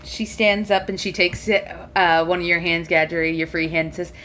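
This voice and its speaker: A woman's voice: on the low side, fairly even intonation, normal speed, few pauses, fairly bright tone, a little hiss or hum. A woman narrating a tabletop game as game master, voicing the characters in a playful way. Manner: playful, plays non-player characters.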